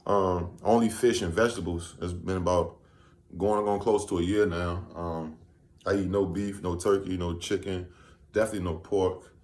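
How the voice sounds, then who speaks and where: A man from Virginia tells a long story to his camera in a loose, rambling way. His voice sits fairly low. The room is echoey and bounces his voice back. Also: steady tone, moderate pace, a little mellow. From Virginia, USA. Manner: loose, rambling, full of "you know what I'm saying". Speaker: vlogger.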